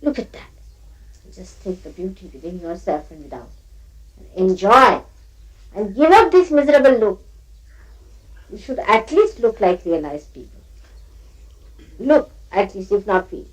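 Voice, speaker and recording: A woman's voice: mid-range voice, sing-song, a little slow, long pauses, poor audio. An older woman teaching at a spiritual gathering, scolding her listeners playfully and often breaking into laughter as she mimics them.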